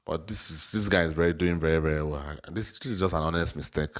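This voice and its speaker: A man's voice: rumbling low, fast. A man with a non-native English accent giving casual, chatty reaction commentary, often repeating words. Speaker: reaction video host.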